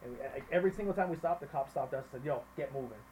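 A man hosting a casual podcast, telling stories quickly and swearing freely among friends at a table. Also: fairly high pitch, darkish tone, slight background noise, low-quality recording. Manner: fast storyteller, swears, acts out voices in quotes. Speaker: podcast host. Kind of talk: casual chat over beers.

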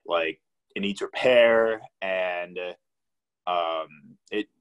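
A young man hosts a casual podcast chat, his voice sitting a little low. He talks in a relaxed, rambling way, swears freely and pads his sentences with fillers. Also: extremely slow, clean tone, rough recording. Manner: laid-back, swears a lot, many fillers. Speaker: podcast host.

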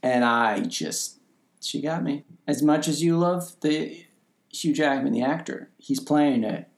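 A man's voice: fairly high pitch, takes it slowly. A man co-hosting a podcast that reviews a TV series, talking casually and acting out the scenes as he retells them. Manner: animated, acts out scenes from the show. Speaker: podcast co-host.

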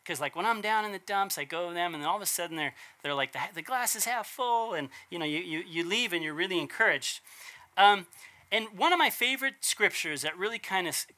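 A man's voice: sits high, sharp tone. A man preaching a casual, conversational sermon, asking rhetorical questions and correcting himself as he goes. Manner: chatty, asks rhetorical questions, self-corrects.

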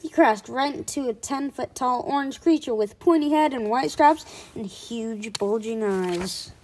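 A woman reading a children's book aloud on a podcast, lively, with casual asides to listeners. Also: fairly high pitch, unhurried, a little hiss or hum. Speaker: podcast storyteller.

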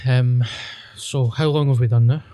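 Scottish male podcast host, relaxed storyteller, dark mellow voice. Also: mid-range voice, normal speed, clean tone. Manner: casual storytelling, laid-back. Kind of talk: casual podcast chat.

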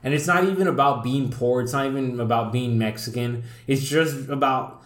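A man with a South Texas accent hosts a loose podcast chat. He speaks at an ordinary pitch, swears without a second thought and is quick to make fun of himself. The room around him has a noticeable echo. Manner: profane, blunt and self-mocking. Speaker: podcast host.

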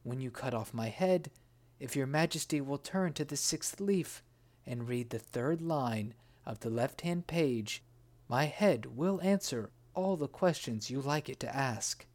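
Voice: mid-range voice, expressive, a little slow, a little mellow. A reader voicing a male fisherman who earnestly tells a tale to a genie.

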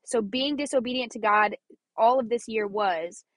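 With a fairly high voice at a moderate pace and no room sound, this young adult podcast host from Missouri shares her faith in an earnest, chatty way, repeating herself frequently and laughing along.

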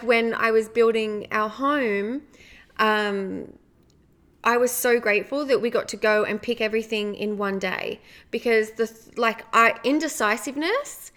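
A woman's voice: fairly high pitch, fairly bright tone. A woman, hosting a casual motivational podcast and talking in a chatty way, often adding "like" and "right?". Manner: chatty, frequent "like" and "right?" asides. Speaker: podcast host.

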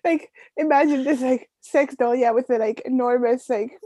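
A woman's voice: high voice, normal speed, no echo. A woman hosting a podcast, chatting casually with hesitations and laughs. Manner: warm, hesitant, with filler words and laughs. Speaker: podcast host. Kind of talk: casual conversation.

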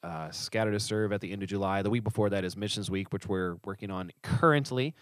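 A man's voice: on the low side, no room sound. A man co-hosting a church podcast as a pastor, in casual joking chat, breathing a little hard from allergies. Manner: joking, quick-talking. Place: small studio up steep stairs. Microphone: studio mic on a stand.

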